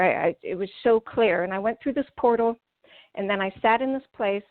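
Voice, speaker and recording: Earnest woman telling a story on a phone line. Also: medium pitch. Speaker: guest author. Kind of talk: casual storytelling over phone.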